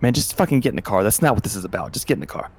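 A man's voice: on the low side, very animated, racing, slightly rough, exaggerated voice. A man voicing a shaken male police officer who barks curt, repeated orders and swears, as part of a tabletop game. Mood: barking orders.

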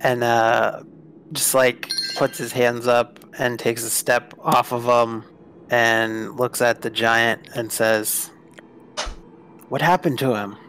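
A man's voice: mid-range voice, little pitch movement, slow, noisy background. A man playing a tabletop game, steadily describing what his character does. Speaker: player. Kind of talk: tabletop role-play narration.

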